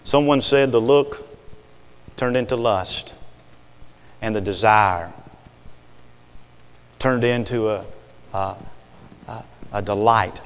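A man preaching a sermon in a folksy, animated way, calling for amens. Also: mid-range voice, normal speed, long pauses, in a large hall.

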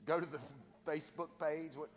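A man's voice: a little high, little pitch movement, normal speed. A middle-aged man, preaching a sermon with casual, self-deprecating asides to his congregation. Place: church sanctuary. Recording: long church reverb.

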